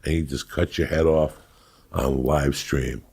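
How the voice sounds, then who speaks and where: Gravelly, low-voiced middle-aged man. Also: fairly even intonation, a little slow. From New Jersey. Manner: loud, rambling and crude, breaking into acted quotes. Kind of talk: profane storytelling chat.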